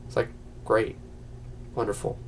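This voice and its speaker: A man giving a casual, rambling spoken film review, full of fillers and quick acted-out quotes. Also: a little hiss or hum. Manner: rambling, many "you know" fillers, acts out quotes. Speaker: movie reviewer.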